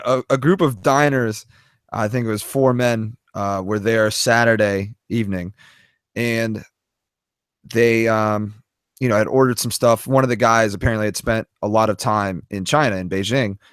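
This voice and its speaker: A man co-hosting a casual podcast, recounting a news story in a relaxed, chatty way with quick agreeing asides. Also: fairly low pitch, clear, resonant tone, dry recording, clean studio sound. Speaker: podcast co-host.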